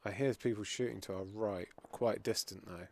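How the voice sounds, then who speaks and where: A man's voice: fairly low pitch, fairly even intonation, moderate pace, creaky, a little mellow, a little hiss or hum. A British man hosting a live game stream, chatting with teammates and joking between gunfights. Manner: jokey, yelps and swears when hit. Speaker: streamer and host. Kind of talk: live gameplay commentary.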